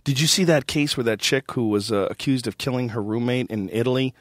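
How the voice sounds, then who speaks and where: A man hosts a casual podcast and steers his guest with short questions. He agrees quickly and keeps his turns brief. The sound is dry and close to the mic. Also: medium pitch, no echo. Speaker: podcast host.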